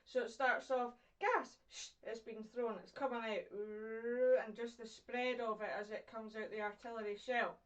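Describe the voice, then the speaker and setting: A woman's voice: on the high side, little pitch movement, recorded from a distance, muffled recording. Chatty Scottish woman teaching a poetry lesson. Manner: chatty, encouraging, asks questions and pauses for pupils. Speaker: English teacher. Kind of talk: recorded online poetry lesson.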